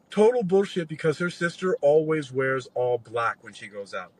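This low-quality recording captures a man in his forties talking briskly in a slightly high voice with hardly any pauses. He's chatting casually, spinning a long, rambling, swear-filled story and animatedly quoting the other people involved.

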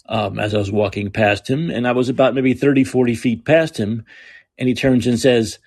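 A man's voice: medium pitch, unhurried, darkish tone, husky, no room sound, clean studio sound. Sarcastic ranting man. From New York. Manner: sarcastic, profane, digressive. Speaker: podcast host. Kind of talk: ranting monologue.

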